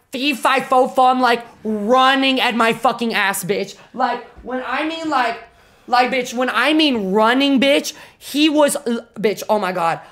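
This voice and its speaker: A young woman streamer telling a story to her chat, animated and full of swearing and fillers. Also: on the high side. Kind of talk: casual storytelling to a live chat.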